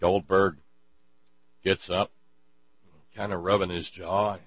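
A man's voice: fairly low pitch, lively intonation, moderate pace, long pauses, husky, no echo. A man hosting a political commentary monologue, sarcastic and given to stammering restarts, on a dull lo-fi mic with mains hum. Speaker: show host.

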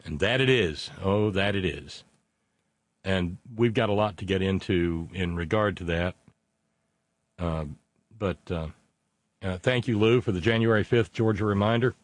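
A man's voice: sits low, measured pace, pauses often, no room sound. A man hosting a casual political talk show, reading out listener messages in a rambling, sardonic way with many fillers.

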